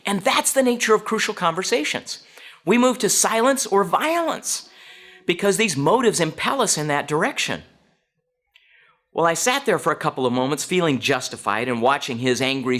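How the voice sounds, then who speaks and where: A middle-aged man speaks to an audience, his voice sitting slightly high and rising and falling in a very lively way. He tells a personal story and slips into the voices of the people in it. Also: moderate pace. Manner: animated, acts out quoted dialogue.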